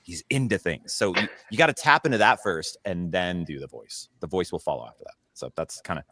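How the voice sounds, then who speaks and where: A man's voice: low voice, lively intonation, a little fast, bright, forceful tone, no room sound. A man, a voice actor, chatting casually on a panel and rambling with many fillers and restarts.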